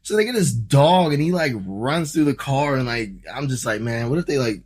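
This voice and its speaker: Animated male podcast guest. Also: medium pitch, moderate pace, slightly rough. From Ohio, USA. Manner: animated, swears freely, acts out his own reactions. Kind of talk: casual storytelling.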